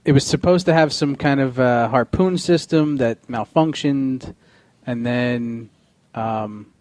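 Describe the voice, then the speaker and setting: A man's voice: medium pitch, slow pace, a little mellow, dry recording. A man hosting a casual geek-news podcast. His mid-range voice stumbles through fillers and restarts, and he laughs easily. The sound is dry and close to the mic. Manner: hesitant, full of fillers and restarts, laughs often. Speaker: podcast host.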